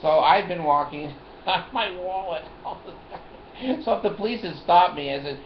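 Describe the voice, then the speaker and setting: This older male vlogger has a high voice and a moderate pace as he meanders through a story from his own life. He chuckles frequently and goes back over the same points. The audio sounds roomy and dull, lo-fi with a slight hiss.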